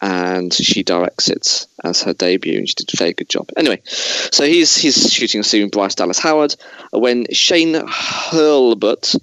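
A man's voice: on the low side, lively intonation, normal speed, pushed and bright, dry recording, poor audio. Chatty man hosting, dry sound. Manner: chatty, digressive, many restarts. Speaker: podcast host. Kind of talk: casual chat.

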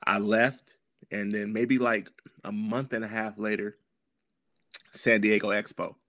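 Low-voiced man telling a slangy story. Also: measured pace, dry recording. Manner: slangy, animated, clears throat often. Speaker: podcast guest. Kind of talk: casual storytelling conversation.

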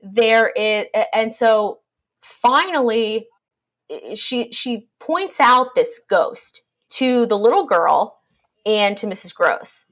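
A woman's voice: fairly high pitch, expressive, slow. Irreverent woman casually recapping a plot. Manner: irreverent, swears freely, plot summary with jokes. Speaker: podcast co-host. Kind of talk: casual book discussion chat.

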